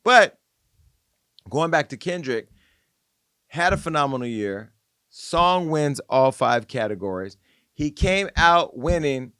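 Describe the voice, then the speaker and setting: A man hosting a podcast, giving casual, opinionated pop-culture commentary in an animated, gossipy way. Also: fairly high pitch, slow, long pauses, clear, resonant tone, no room sound, clean studio sound. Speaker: podcast host.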